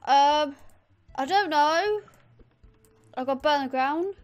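A woman giving chatty let's play commentary, easily excited and talking straight to her viewers. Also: high-pitched, takes it slowly. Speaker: gamer.

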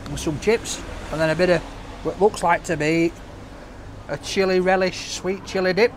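A man's voice: high voice, moderate pace, slight background noise. A man reviewing a takeaway outdoors, chatting casually to camera and joking with his cameraman. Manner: jokey, banters with his cameraman. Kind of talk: casual vlog chat to camera.

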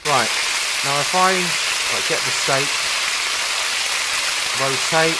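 A man commentating his own gameplay, frustrated, swearing, and breaking into high shouts. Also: takes it slowly, pauses often, background noise. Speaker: gameplay video maker.

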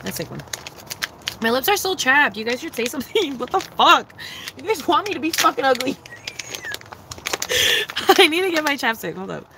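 A woman's voice: high-pitched, very animated, a little fast, creaky, background noise. A young woman chatting casually on a livestream, answering her chat in a blunt, profane, giggly way.

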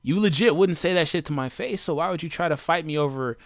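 Fast and a little high in pitch, an adult man, a gaming YouTuber, rants off the cuff to camera. The home recording mic gives dry, studio-quality sound. He's defiant and blunt, his loose, rambling delivery full of slang, profanity, and fillers.

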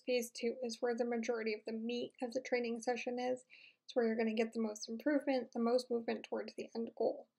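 A woman's voice: fairly high pitch, vocal fry, darkish tone. A woman giving an instructional voice-over about training her dog, explaining steadily with frequent fillers.

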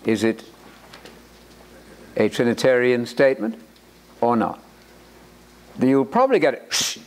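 A man's voice: medium pitch, lively intonation, unhurried. A man giving a lecture-style sermon to an audience, joking and repeating words for emphasis as he reads quotes aloud. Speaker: Bible college lecturer.

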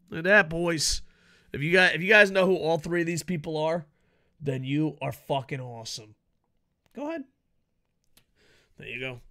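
A man rants his way through a wrestling preview, swearing constantly and mocking as he goes. His voice is bright and forceful, and it swings from loud outbursts down to low, hushed mutters. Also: creaky. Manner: profane, mocking, jumps from shouting to mutters. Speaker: wrestling vlogger. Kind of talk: casual wrestling preview rant.

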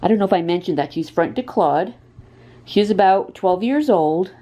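A woman's voice: mid-range voice, lively intonation, moderate pace, dark tone, a little hiss or hum. A woman volunteering for a pet rescue, chatting casually and gushing while she shows a cat up for adoption, often cooing to it in a sing-song voice, in a dim indoor room. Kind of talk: casual adoption video chat.

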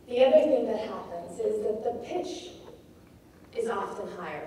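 A woman giving an informal talk on poetry, thoughtful and pausing to search for her words. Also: medium pitch, warm tone. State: feeling cold. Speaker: poetry teacher. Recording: distant mic in a very echoey room with faint noise.

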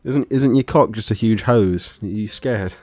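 A man co-hosting a casual podcast, with laid-back deadpan banter. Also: on the low side, moderate pace, dry recording, soft background music. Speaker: podcast co-host. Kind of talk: casual podcast chat over a call.

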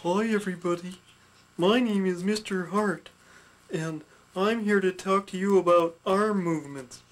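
A man's voice: high-pitched, unhurried. Mister Hart, a man voicing a sweet heart puppet. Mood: gentle. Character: gentle little heart puppet with attitude. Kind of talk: puppet instruction skit.

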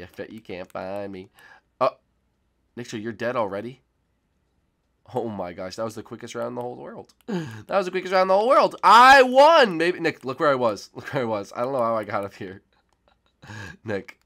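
A man hosting a gaming channel, commentating Minecraft gameplay with friends, swinging from low muttering to panicked screams. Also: pushed and bright.

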